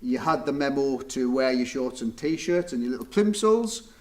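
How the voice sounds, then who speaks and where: A man's voice: mid-range voice, animated, moderate pace, darkish tone. Playful man hosting an interview. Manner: playful, teasing. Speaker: podcast host. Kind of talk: casual interview chat.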